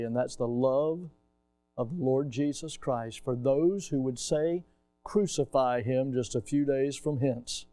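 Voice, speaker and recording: Middle-aged male pastor, mellow dry voice, preacherly swells and soft drops. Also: mid-range voice, no room sound. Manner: preacherly, swells loud on key phrases then drops soft. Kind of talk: sermon.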